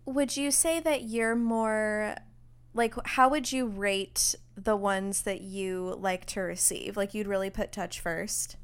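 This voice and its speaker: A young woman co-hosting a casual chat, teasing and quick to laugh. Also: medium pitch, steady tone, clear, resonant tone. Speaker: podcast co-host.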